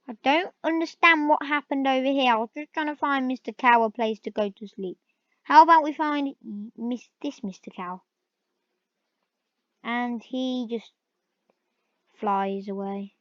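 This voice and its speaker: A woman's voice: a little high, dry recording. A woman giving casual gameplay commentary, chatting to in-game animals and breaking into surprised exclaims. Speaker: gaming video host. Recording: dull lo-fi recording, dry.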